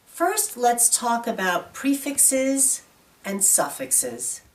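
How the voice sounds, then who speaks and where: A woman teaching pronunciation in a clear, deliberate scripted lesson, stretching out example words. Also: on the high side, sing-song, slight background noise.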